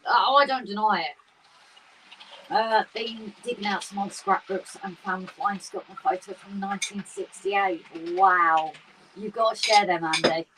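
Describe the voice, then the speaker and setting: A chatty, excitable woman co-hosting a casual livestream, her voice sitting a little back from the microphone. Faint room noise hums behind her as she talks. She laughs often and jumps between topics. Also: mid-range voice, unhurried. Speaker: livestream co-host. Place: garden shed with model railway. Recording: slightly distant mic with faint room noise.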